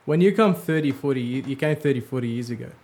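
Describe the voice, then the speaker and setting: A man chatting in a relaxed way and often calling the other man bro. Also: medium pitch, quick pace. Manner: relaxed, says bro a lot. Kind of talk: casual chat.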